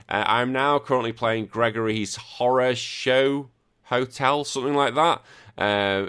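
A man's voice: medium pitch, fairly bright tone, clean tone. A man hosting a casual gaming podcast, rambling and self-correcting with a joking tone. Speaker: podcast host.

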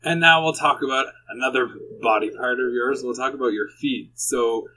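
A man's voice: mid-range voice, pushed and bright, rough recording. A man hosting a podcast, asking direct, prepared questions in a casual interview. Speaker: podcast host.

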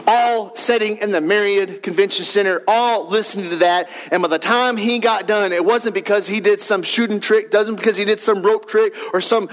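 High-voiced, fast-preaching pastor. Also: male voice. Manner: fast-talking, emphatic, builds to shouts. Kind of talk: sermon.

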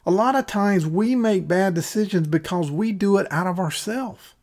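Bible teacher, man, high voice, conversational podcast lesson. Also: moderate pace, darkish tone. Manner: plain conversational retelling.

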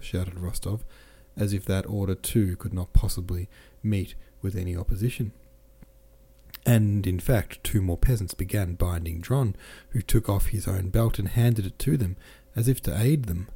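A man hosting a podcast and reading a classic novel aloud in steady, measured narration. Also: low voice, breathy edge. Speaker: podcast host and reader.

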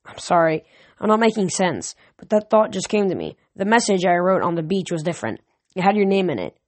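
A woman's voice: fairly low pitch, big pitch swings, a little fast, no echo. A woman reading the part of an anxious young woman with visions, earnest and apologetic.

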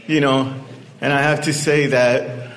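A man's voice: mid-range voice, steady tone, a bit bright. Plainspoken man telling his own story. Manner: halting, plainspoken, repeats himself. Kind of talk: personal storytelling.

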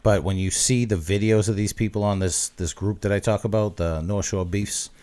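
A man's voice: lowish voice, steady tone, normal speed, darkish tone. A man co-hosting a podcast, trading crude jokes in upbeat casual banter. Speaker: podcast co-host.

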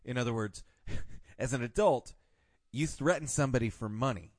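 A man's voice: medium pitch, moderate pace, dry recording, clean studio sound. Blunt profane podcast host, man. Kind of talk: casual podcast chat.

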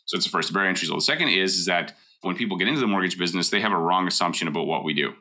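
A man's voice: deep voice, animated, very fast, sharp tone. A middle-aged man from Canada, a mortgage broker giving blunt, emphatic advice in a casual talk and hammering home his points.

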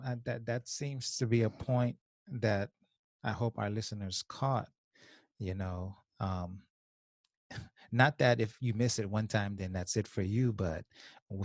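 A man co-host reflects on the conversation in a measured way. His voice is somewhat low and his pace unhurried and slow. The sound is dry and close. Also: no echo. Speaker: podcast co-host. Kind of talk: conversational interview.

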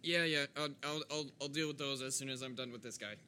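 A man playing a tabletop game, talking casually in a hesitant, halting way. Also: medium pitch, sharp tone, a little hiss or hum. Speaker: player. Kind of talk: casual tabletop gaming chat.

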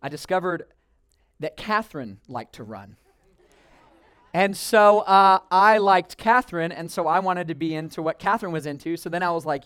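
A young man preaching in a casual, animated way, telling a funny personal story full of filler words. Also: sits high, a little fast, clean tone, no room sound, studio quality. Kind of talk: storytelling sermon.

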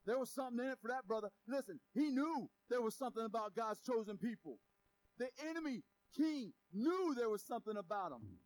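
A man preaching a sermon in a lively, conversational way, with sudden loud and quiet turns. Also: very high-pitched, a little fast, rough recording. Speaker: pastor.

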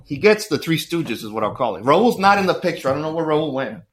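Animated man telling army stories. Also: fairly high pitch, a little fast. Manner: animated, joking, apologetic asides. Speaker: podcast guest. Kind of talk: casual storytelling chat.

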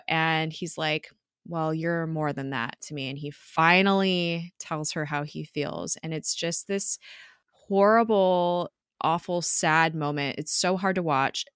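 Woman, low pitch, bright tone, rambling casual recap, dry close sound. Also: unhurried, clear, resonant tone, dry recording. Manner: rambling, animated, laughs often, swears. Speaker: podcast co-host recapping a TV episode. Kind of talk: casual chat.

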